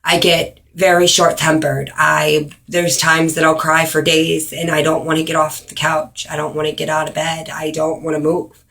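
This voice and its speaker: A woman talking straight to camera in an earnest personal video, with many ums and pauses for emphasis. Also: low-pitched, flat delivery, vocal fry, fairly bright tone. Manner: earnest, frequent ums, speeds up and slows down for emphasis. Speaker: vlogger. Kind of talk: earnest direct-to-camera awareness talk.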